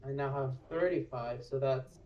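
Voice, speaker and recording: A man playing a tabletop game, thinking aloud hesitantly with many pauses. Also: mid-range voice, darkish tone, lo-fi sound. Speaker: player. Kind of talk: casual tabletop play.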